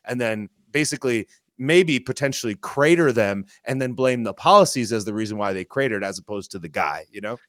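A man's voice: mid-range voice, animated, fairly quick, hardly any pauses, fairly bright tone, no echo. A man speaks with a mid-range voice, thinking aloud and building his point step by step. The sound is close and dry. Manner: speculative, reasoning aloud with many "right?"s. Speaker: guest. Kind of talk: casual political discussion.

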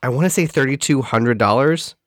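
A man's voice: mid-range voice, brisk, no room sound. Wry male podcast co-host, dry sound. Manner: wry, jokey. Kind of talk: casual movie discussion.

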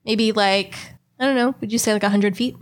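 A woman's voice: medium pitch, fairly even intonation, brisk. Casual, swearing young woman telling a story. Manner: chatty, swears freely, acts out quoted voices. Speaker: podcast co-host.

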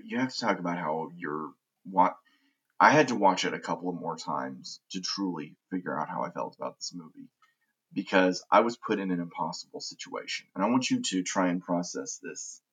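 Husky low-voiced man gushing about films. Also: expressive, fairly quick, a bit bright, poor audio. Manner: opinionated and enthusiastic, frequent restarts. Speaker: podcast host. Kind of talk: casual podcast movie chat.

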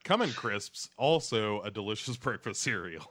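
A man's voice: on the low side, sing-song, moderate pace, fairly bright tone, no echo. A man co-hosting a podcast in casual chat, joking and rambling through recaps with lots of fillers. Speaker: podcast co-host.

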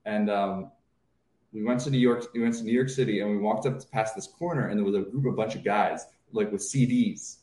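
A man's voice: on the low side, fairly quick, mellow. A man co-hosting a casual comedy chat, telling stories and acting out other people's lines. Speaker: co-host, stand-up comic. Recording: roomy echo.

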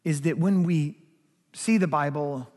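High-voiced preaching pastor in a hall. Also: male voice, a little slow, a little mellow. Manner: emphatic preaching, rising and falling in force. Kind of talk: sermon. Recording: long hall reverb.

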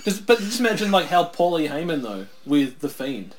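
A man's voice: on the high side, big pitch swings, moderate pace. A man co-hosting a casual wrestling watch-along, talking through predictions in a chatty way and laughing often. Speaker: co-host. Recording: faint background noise, lawnmower outside.

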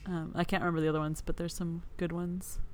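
A woman's voice: fairly low pitch, little pitch movement, fast, slight background noise. A woman chatting casually as a podcast co-host, hedging her points and laughing often. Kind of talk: casual chat.

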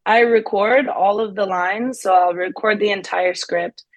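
A woman's voice: medium pitch, fairly even intonation, unhurried, dry recording. Upbeat young woman actress, dry sound. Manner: upbeat, laughs often, many fillers like "like". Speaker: guest actress. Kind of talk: casual interview chat.

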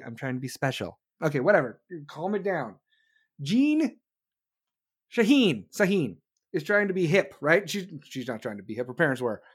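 A woman hosting a livestream, ranting bluntly with swearing, sarcastic asides and mocking quoted voices while talking to her chat. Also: lowish voice. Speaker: livestream host. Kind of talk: casual opinion rant on a livestream.

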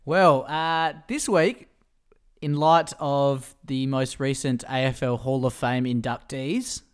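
A man's voice: medium pitch, steady tone, slow pace, clean tone, faint music behind. A young man co-hosting a podcast, telling stories in a chatty way and laughing often. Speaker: podcast co-host. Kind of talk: casual podcast chat.

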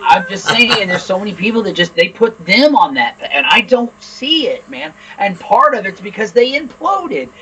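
A man's voice: high voice, very animated, moderate pace, hardly any pauses, pushed and bright, slightly rough, rough recording. A man co-hosting a podcast in casual chat, blunt and opinionated, swearing freely. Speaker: podcast co-host.

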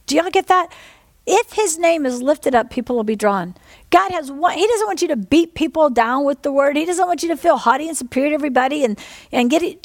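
A woman preaching a sermon, moving between hushed personal stories and rising, emphatic calls to the listeners. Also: high voice, no echo. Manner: animated, swings from hushed storytelling to rising exhortation.

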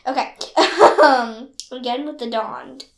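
Woman podcast co-host, high bright voice, slow delivery, laughs easily. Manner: giggly, laughs often, reads garbled phrases out carefully. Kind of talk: casual podcast chat, playing a word-guessing game.

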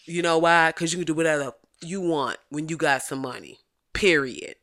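Bright-voiced, profane woman podcast host. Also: low voice, moderate pace. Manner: animated, profane and joking, laughs often. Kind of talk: casual celebrity gossip commentary.

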